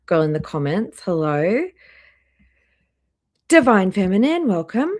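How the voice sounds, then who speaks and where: A woman hosting a casual live stream, chatty and greeting viewers by name one after another, a little hoarse, talking into a laptop microphone indoors. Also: medium pitch, big pitch swings, a little slow. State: slightly hoarse, clearing throat. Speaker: livestream host. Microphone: laptop microphone near trackpad.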